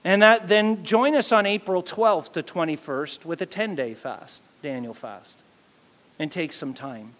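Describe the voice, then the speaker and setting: A man preaching a sermon as pastor, animated and acting out quotes to his congregation. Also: on the high side, measured pace, in a large hall.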